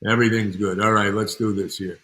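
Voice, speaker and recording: A man impersonating a blunt old-school film producer, talking loud and clipped. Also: on the low side, flat delivery, a little fast, slight background noise. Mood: brash.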